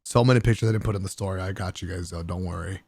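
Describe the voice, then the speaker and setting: A gaming content creator telling a casual vlog story about a party, excitable and profane, often laughing and using slang. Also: male voice, sits low, racing, no room sound.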